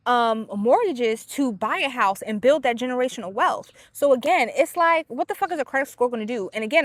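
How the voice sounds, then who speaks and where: A woman with a high voice hosts her own podcast in a loose, unscripted monologue. She talks bluntly and swears freely, throwing in quick quoted asides. The sound is dry and close. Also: a bit bright, dry recording. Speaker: podcast host. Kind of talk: casual solo podcast monologue.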